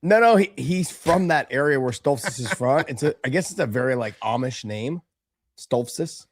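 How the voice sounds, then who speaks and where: A man's voice: mid-range voice, expressive, moderate pace, no echo. A man hosting a sports podcast, telling loose, rambling stories in casual chat. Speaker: podcast host.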